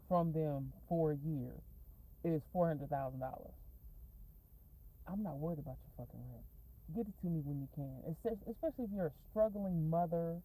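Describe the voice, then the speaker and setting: A woman's voice: low voice, mellow, rough recording. A woman talking casually in a rambling, profane storytime vlog, going off on tangents and laughing often. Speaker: vlogger. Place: in a parked car.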